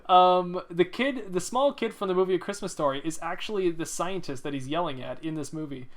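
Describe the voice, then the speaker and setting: A man co-hosting a casual movie podcast, talking in an excited, rambling way with lots of fillers. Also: high-pitched, brisk. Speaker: podcast co-host. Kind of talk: casual movie-review chat.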